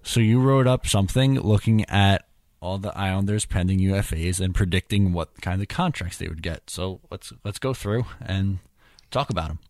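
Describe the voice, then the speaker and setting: A man's voice: sits low, normal speed, a little mellow, dry recording, clean studio sound. A man hosting a casual hockey podcast, steering the talk with an easygoing, slightly hesitant manner. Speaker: podcast host.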